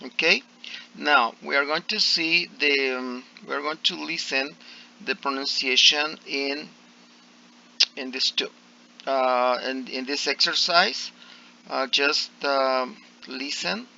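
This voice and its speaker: Male English teacher, gravelly and bright-toned, slow and hesitant, slightly dull audio. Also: medium pitch. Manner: hesitant, many fillers and restarts. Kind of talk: online class explanation.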